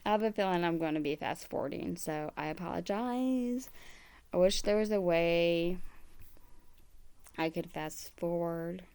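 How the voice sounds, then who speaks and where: A woman's voice: lowish voice, a little slow, a little mellow, clean tone, no echo. A woman hosting a reaction video, making blunt, exasperated running remarks over a clip she is playing. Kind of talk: casual commentary over a played video.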